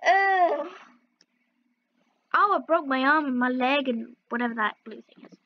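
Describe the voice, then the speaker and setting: A woman's voice: high-pitched, animated, measured pace, lo-fi sound. A woman casually commenting as she plays a video game, playfully yelping and groaning at each fall. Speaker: gaming video host. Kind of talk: casual let's-play commentary.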